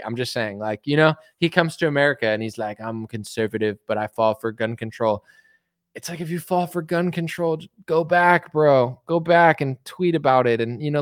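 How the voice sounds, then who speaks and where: A man's voice: mid-range voice, clear, resonant tone, no room sound. Rambling man mocking politicians, dry close sound. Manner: rambling, filler-heavy, mocking impressions of politicians. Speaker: commentary streamer. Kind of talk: casual political commentary rant.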